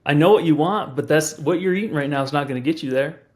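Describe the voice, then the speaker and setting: A man's voice: fairly high pitch, fast talker. A man who works as a personal trainer, chatting casually in an easygoing, agreeable way. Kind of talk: casual chat.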